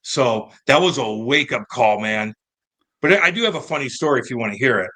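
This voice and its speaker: A man in his thirties from St. Louis, a former pro hockey player telling stories in a casual, animated and profane interview. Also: medium pitch, a little fast. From St. Louis, United States. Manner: animated, profane, acts out quoted voices.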